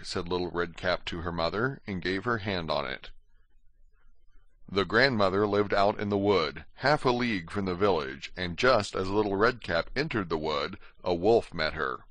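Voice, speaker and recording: A man in his fifties narrates a fairy tale in a measured, storytelling way. His voice is very deep. The recording is dry and close, with no room sound. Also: animated, a bit bright, dry recording.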